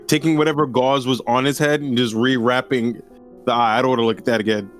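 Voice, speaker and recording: Animated swearing man playing a tabletop game. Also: medium pitch, fast, faint music behind. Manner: animated, swearing, acts out his character's lines. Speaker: player. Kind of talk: casual tabletop game chat.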